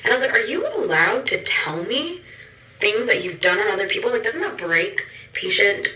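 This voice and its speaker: A chatty young woman tells a story in a casual way and acts out each person's lines. Her voice is very bright and sits in an echoey room. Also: medium pitch, expressive, moderate pace. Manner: chatty, acts out dialogue with a swearing punchline. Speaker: content creator.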